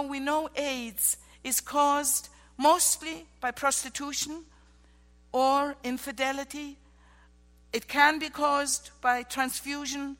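A woman missionary preaching a sermon, telling heartfelt stories that drop to hushed tones and rise to ringing exclamations. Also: high voice, in a large hall. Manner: emotional storytelling, swinging from hushed to ringing exclamations.

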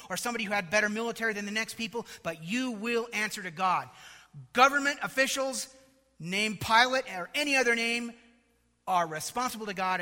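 A man preaching a sermon, dramatic and animated, with mocking asides. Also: sits high, long reverb tail.

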